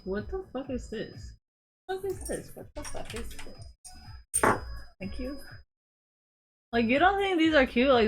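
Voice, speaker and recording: A young woman streamer chatting casually, ranting with frequent swearing and lots of filler words. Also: a little high. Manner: profane, exasperated ranting with repeated fillers. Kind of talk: casual chat while browsing online.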